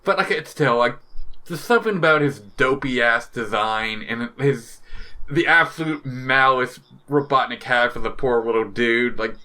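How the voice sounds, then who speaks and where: A podcast co-host with a sharp-toned, medium-pitched male voice chats casually at an unhurried pace. He rambles with lots of "like" fillers, swears and laughs often.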